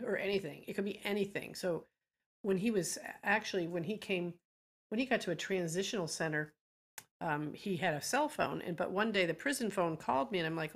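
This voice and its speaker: A woman's voice: lowish voice, brisk. A middle-aged woman from Georgia, an advocacy group founder and guest, telling emotional stories in an earnest, impassioned way. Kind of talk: emotional interview talk.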